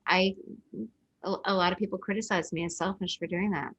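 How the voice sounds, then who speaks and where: Low-voiced woman with a bright edge. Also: steady tone, a little fast, slightly rough, no room sound. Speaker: podcast host. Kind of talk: conversational interview.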